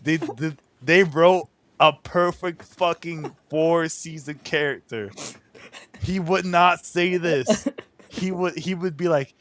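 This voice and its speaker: A man's voice: a little high, takes it slowly, a bit bright, no room sound. Profane, ranting man in casual chat. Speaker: podcast host.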